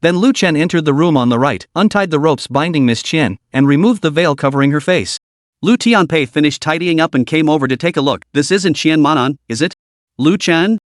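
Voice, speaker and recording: A man giving scripted story narration as a recap narrator, reading at a steady, even pace. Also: a little high, brisk, no echo, clean studio sound.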